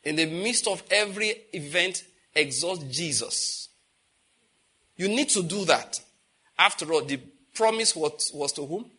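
A man preaching a sermon emphatically, asking the congregation questions and swinging from loud declarations to quiet intensity. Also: a little high, expressive, a little slow, slightly rough. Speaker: pastor.

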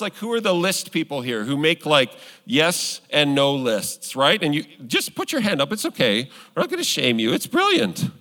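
A man's voice: fairly high pitch, wildly swooping pitch, moderate pace, few pauses, sharp tone. A man preaching a sermon as pastor, earnest and conversational, building to emphatic points. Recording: long hall reverb.

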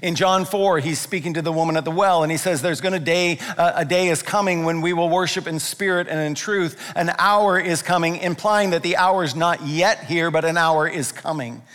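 Pastor, male, animated sermon storyteller; slightly raised voice, reverberant sanctuary sound. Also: a little high, moderate pace, hardly any pauses. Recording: long reverb of a large room.

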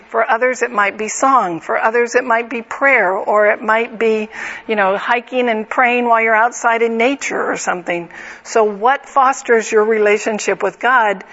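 A woman's voice: a little high, a bit bright. A middle-aged woman teaching a Bible study group in an earnest, conversational way, asking the group direct questions. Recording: slightly dull lo-fi recording.

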